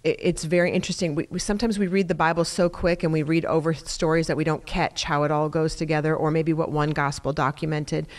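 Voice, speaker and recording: A woman's voice: deep voice, fairly even intonation, fast talker, few pauses. A woman hosting a church podcast, talking in an encouraging, affirming way. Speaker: podcast host. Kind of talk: casual conversation.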